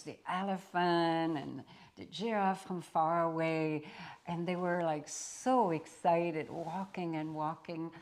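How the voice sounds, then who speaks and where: A woman spiritual teacher telling a parable at a satsang in a deliberate storyteller's manner. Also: low-pitched, a little mellow.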